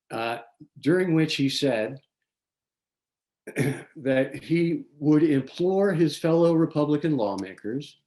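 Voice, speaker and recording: At a local community forum, the male host works through prepared political remarks from notes, measured in delivery, with a few small restarts. His voice sits in the mid-range and sounds a little mellow.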